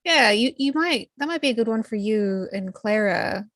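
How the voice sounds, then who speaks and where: A woman player casually suggesting story ideas for another player's character, pausing to think. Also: expressive, fairly bright tone, no echo, studio quality. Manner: thoughtful, pitching ideas with hesitations. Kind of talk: casual tabletop game chat.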